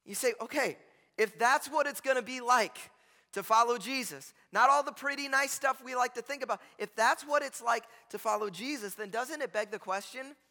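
A man preaching a sermon in a church sanctuary. His voice sits high and sounds bright and forceful. A long reverb rings around him from the big hall as he keeps checking in with the room. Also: normal speed. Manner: conversational and joking, constantly checks in with "right?". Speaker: pastor.

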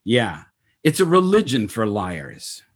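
A man's voice: on the low side, wildly swooping pitch, husky, full character voice. A man voicing a proud, defiant old chief. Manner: blunt, measured, bitter.

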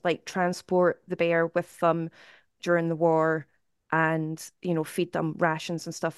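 A woman's voice: fairly low pitch, clean tone, no echo, studio quality. A woman with a Scottish accent chatting casually as a podcast guest, self-deprecating and laughing often. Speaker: podcast guest, YouTube album reviewer. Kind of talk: casual chat.

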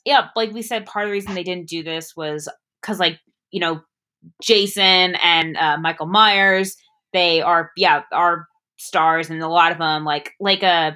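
A woman co-hosting a casual movie discussion, animated and jumping up in pitch when she acts out scenes. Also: unhurried. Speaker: podcast co-host.

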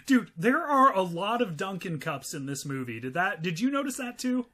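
A man co-hosting a podcast, talking casually with a sarcastic edge and frequent laughter. His voice sits high and bright and swings widely in pitch. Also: sing-song, moderate pace. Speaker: podcast co-host. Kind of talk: casual chat.

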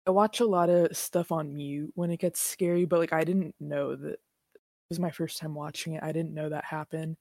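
A woman's voice: low-pitched, fairly even intonation, moderate pace, darkish tone, no room sound, studio quality. A woman in her twenties co-hosting a podcast in casual chat, rambling and self-deprecating, laughing often. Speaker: podcast co-host.

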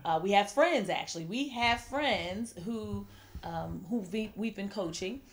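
Casting: young woman, podcast host, chatty, teasing, mid-pitched voice. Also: a little slow. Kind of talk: casual chat.

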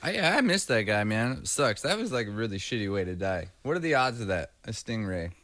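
A man's voice: on the low side, very animated, brisk, fairly bright tone, dry recording. A man co-hosting a podcast in casual chat, joking and crude in a laid-back way. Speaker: podcast co-host.

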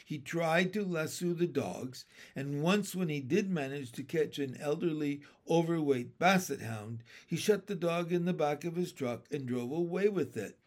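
A man narrating a children's chapter book aloud in a steady, gentle storytelling way. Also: a little high, moderate pace, hardly any pauses. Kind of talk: audiobook narration.

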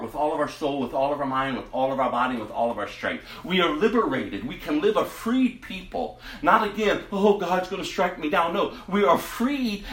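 A male pastor preaching with fervour, his voice sitting a little high and swinging widely in pitch. He drops to hushed tones and then surges loud, and the sound rings in an echoey room. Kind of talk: sermon.

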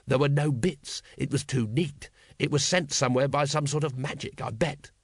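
A man voicing a gruff, bitter city watch captain who talks in a low, grumbling growl. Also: moderate pace, dry recording, clean studio sound, lightly acted.

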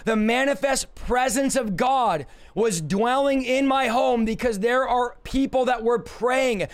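A hoarse man preaching a fervent live-streamed sermon in a repetitive, driving cadence. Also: extremely high pitch, unhurried. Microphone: streaming setup reading live chat.

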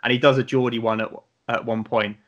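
A man's voice: mid-range voice, little pitch movement, brisk, fairly bright tone, dull audio. A young man from Britain in casual podcast chat, rambling and drifting off on tangents. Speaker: podcast co-host.

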